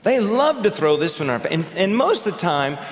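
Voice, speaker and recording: A man's voice: sits high, very animated, normal speed. A man preaching a sermon as pastor, talking in a conversational way and telling stories. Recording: echoey hall with long reverb.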